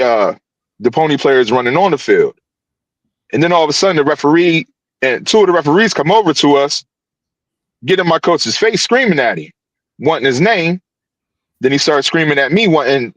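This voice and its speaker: A youth football coach telling a story on a podcast over a video call, animated and full of restarts. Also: male voice, a little high, no echo, poor audio. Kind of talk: casual podcast guest recounting events.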